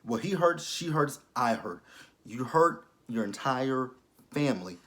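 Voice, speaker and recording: A man's voice: medium pitch, expressive, measured pace, a bit bright. A man voicing a stern older church matriarch who scolds her daughter. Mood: lecturing. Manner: scolding, lecturing.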